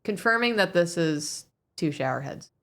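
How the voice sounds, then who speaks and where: Lower-voiced woman chatting while gaming. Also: lively intonation, normal speed, a bit bright. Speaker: co-host. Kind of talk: casual let's-play chat.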